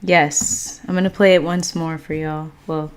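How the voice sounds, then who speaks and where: A woman hosting a spiritual livestream, greeting viewers by name and guiding a meditation with calm, gentle affirmations. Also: low voice, a little slow, smooth. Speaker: livestream host and meditation guide. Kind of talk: casual livestream chat and guided meditation.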